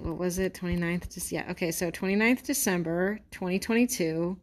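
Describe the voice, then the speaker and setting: A woman vlogger reading a news article aloud with sarcastic, exasperated commentary, swearing freely and slowing down to stress words she mocks. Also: on the low side.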